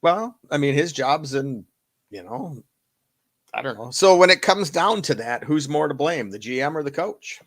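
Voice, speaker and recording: A man's voice: fairly high pitch, animated, moderate pace, dry recording, clean studio sound. A man co-hosting a casual sports chat, agreeable and laid-back, often chuckling. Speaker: co-host.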